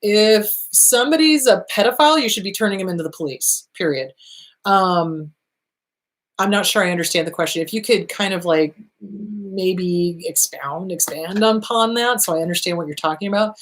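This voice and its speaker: A woman's voice: medium pitch, animated, normal speed. A woman hosting an advice talk, answering viewer questions bluntly and emphatically, repeating her points and swearing freely, her voice starting to tire.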